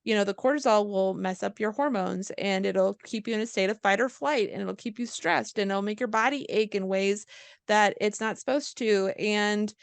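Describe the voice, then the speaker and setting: A woman's voice: medium pitch, normal speed, gravelly, no room sound. A woman co-hosting a casual podcast, a chiropractor who explains things in a chatty way and acts out little quotes.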